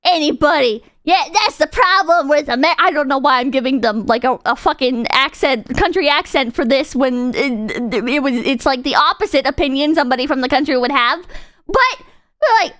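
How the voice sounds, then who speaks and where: A woman's voice: sits high, moderate pace, fairly bright tone, dry recording, studio quality. A woman streamer chatting casually while reacting to videos, rambling through tangents, cursing freely and laughing often.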